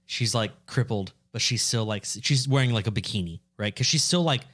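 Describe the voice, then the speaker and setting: A man's voice: on the low side, brisk, a bit bright. A young man co-hosting a podcast, chatting casually and telling rambling, joking stories with playful impressions. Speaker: podcast co-host. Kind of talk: casual chat.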